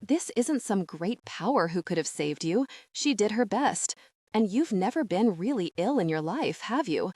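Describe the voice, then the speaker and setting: A woman's voice: medium pitch, animated, normal speed, darkish tone, no echo, clean studio sound, natural voice. A woman voicing a stern female witch who speaks firmly, leaving no room for doubt. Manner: firm, leaves no room for doubt. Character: stern female dust wife witch, firm and certain.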